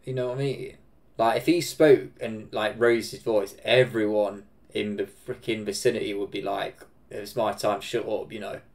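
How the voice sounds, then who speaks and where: A man with an English Midlands accent reacting to a film, excitable, swearing and laughing often. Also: on the low side, normal speed. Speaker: reaction video host. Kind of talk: casual reaction commentary.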